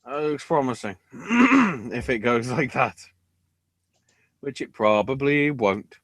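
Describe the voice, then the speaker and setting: A man co-hosts a podcast in loose, casual chat. He swears freely and jumps from mumbling asides to excited shouts. His voice sits at a middling pitch, and the recording is close and dry with no room sound. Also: slow pace, no echo. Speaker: podcast co-host.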